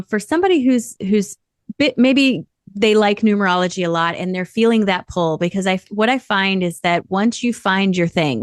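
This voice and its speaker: A woman's voice: mid-range voice, dry recording, studio quality. A woman hosting a podcast interview, asking thoughtful questions in an affirming way. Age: adult with children. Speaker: podcast host.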